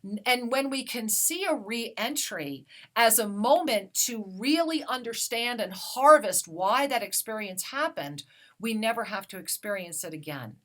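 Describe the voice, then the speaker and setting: Woman, radio host, spiritual guidance, slow soothing delivery, fairly high voice. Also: expressive.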